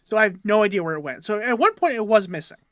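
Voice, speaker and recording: A man's voice: sits high, animated, fast, a bit bright, no echo. Rambling, laughing young man, dry mic. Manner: rambling, self-deprecating, laughs between sentences. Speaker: podcast co-host. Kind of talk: casual storytelling chat.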